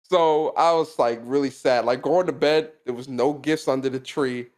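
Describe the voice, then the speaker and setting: A man's voice: mid-range voice, moderate pace, darkish tone. A young man co-hosting a podcast, telling a personal story in casual slangy chat, laughing often. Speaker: podcast co-host.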